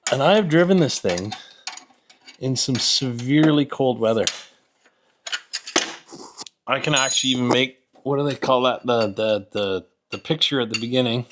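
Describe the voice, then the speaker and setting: A man's voice: mid-range voice, noisy background. A middle-aged man in a garage, rambling and joking at his own expense while he mutters through a repair under an old vehicle. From Canada. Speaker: home mechanic host. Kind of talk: casual workshop vlog. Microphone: camera set up nearby.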